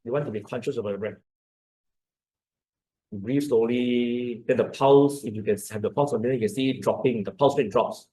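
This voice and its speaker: A man's voice: medium pitch, brisk, dark tone. A man with a Malaysian English accent giving an informal health lecture, explaining and repeating words as he demonstrates breathing. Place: lecture hall. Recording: echoey lecture room.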